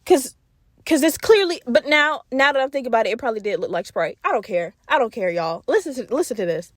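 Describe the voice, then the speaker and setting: Woman podcast host, young, high-pitched, dry booth sound; brash, profane storyteller who addresses the audience. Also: fast, no echo. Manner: profane, animated, talks straight to listeners. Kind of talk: casual storytelling. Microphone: podcast mic.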